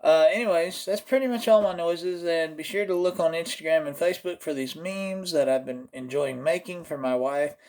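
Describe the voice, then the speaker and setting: A man's voice: a little high, moderate pace, hardly any pauses, a little mellow. A man from Oklahoma with an Oklahoma accent, hosting a comedic vlog in a rambling, jokey way that keeps slipping into put-on voices. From Oklahoma, USA. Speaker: host.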